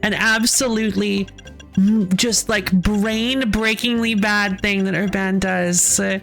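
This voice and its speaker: A woman's voice: mid-range voice, steady tone, slow, gravelly, a bit bright, soft background music. A woman streamer chatting casually while playing, ranting with frequent laughs and sighs. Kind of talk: casual game stream chat.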